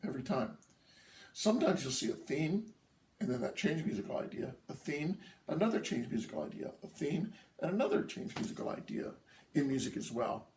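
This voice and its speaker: Drum teacher guy, kinda high gravelly voice, echoey room, mic a bit far off. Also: sing-song, a little fast, a little mellow, a little hiss or hum. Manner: patient, counts rhythms aloud, checks in with "okay?". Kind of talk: instructional lesson.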